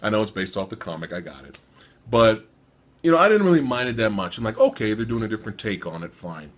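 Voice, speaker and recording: A man's voice: on the low side, very animated, fast. A man hosting a casual movie review chat, joking, swearing and laughing often. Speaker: podcast host.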